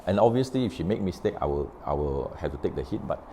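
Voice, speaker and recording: A middle-aged man with a Malaysian English accent tells a workplace story in a relaxed, unhurried way, voicing each side of the conversation as he goes. His voice sits very low, with a dark, mellow tone. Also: slight background noise. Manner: recounts conversations with quoted dialogue, unhurried, explanatory. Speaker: author sharing on his book. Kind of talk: casual storytelling talk.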